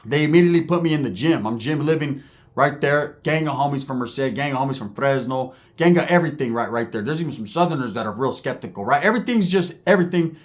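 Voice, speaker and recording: A man's voice: mid-range voice, lively intonation. A man telling prison stories in casual, profane slang, dropping in Spanish words and acting out other people's lines. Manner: acts out other people's lines in quick voices. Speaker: storyteller recounting prison life. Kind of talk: casual storytelling.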